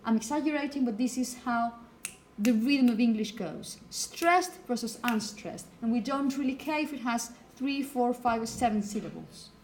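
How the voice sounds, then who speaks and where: A woman from Spain, whose first language is Spanish and who has a Spanish accent, teaches phonetics in a classroom, explaining clearly and frequently asking "okay?". Her fairly high voice is a little mellow and moderately paced, with a little hiss or hum.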